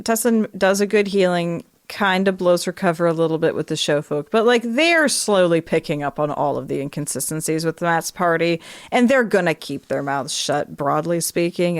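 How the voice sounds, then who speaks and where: A young adult woman co-hosting a casual book podcast, animated and laughing as she reads quotes in playful accents. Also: lowish voice, no room sound, studio quality. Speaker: podcast co-host. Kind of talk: casual book discussion chat.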